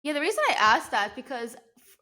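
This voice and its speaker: A woman's voice: high-pitched, very animated, a little fast, bright, forceful tone. A woman in her thirties from New Jersey, hosting a podcast in a chatty way with many fillers. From New Jersey, USA. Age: 30s. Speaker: podcast host. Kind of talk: casual interview chat.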